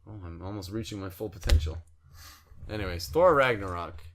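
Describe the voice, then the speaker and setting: Low-ish voiced guy on a podcast, dry sarcastic jokes, just chatting. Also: expressive, fairly quick, slight background noise. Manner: sarcastic, joking. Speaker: podcast co-host. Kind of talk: casual chat.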